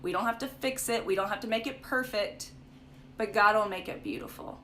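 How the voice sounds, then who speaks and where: Young woman, bright voice, chatty livestream Bible study host, light background hiss. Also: mid-range voice, fairly quick. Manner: chatty storytelling with frequent "like" and "right?". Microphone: phone or webcam for a live stream.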